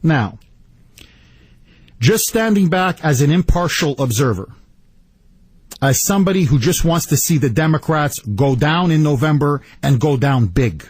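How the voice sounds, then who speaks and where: A man's voice: fairly high pitch, animated, a little slow, long pauses, slightly rough, no room sound. A man hosting a political talk radio show, delivering an emphatic monologue and stressing his words.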